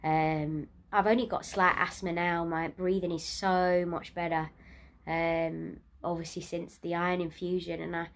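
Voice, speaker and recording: A woman vlogging from her sickbed, nasal, exhausted and short of breath, talking in a halting, trailing way. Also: lowish voice, little pitch movement. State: ill and exhausted, weak voice. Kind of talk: casual video diary. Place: in bed at home.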